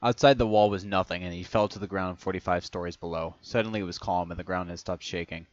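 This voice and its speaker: A man reading a first-person story aloud in a casual way, often stumbling on words, restarting them and clearing his throat. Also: deep voice, steady tone, fast, dry recording. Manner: reads in first person, stumbles and restarts on words, breaks into long fits of laughter. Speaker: reader of fan fiction. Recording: dry, slightly dull home recording.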